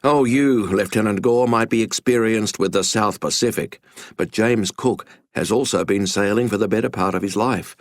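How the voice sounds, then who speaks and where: A man narrates a history story in a scripted, dramatic way with a wry edge. His voice is fairly low, and the studio sound is dry with no room echo. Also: normal speed.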